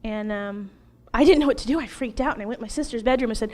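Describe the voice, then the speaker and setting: A fast-talking woman in her thirties, with a slightly high voice, gives animated and sincere personal testimony while being interviewed, with bits of laughter scattered between her lines.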